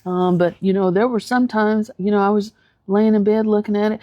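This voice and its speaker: A woman's voice: mid-range voice, steady tone, brisk, mellow, dry recording. A woman therapist giving her casual thoughts on a show, thoughtful and hesitant with many ums and restarts. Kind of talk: casual video commentary.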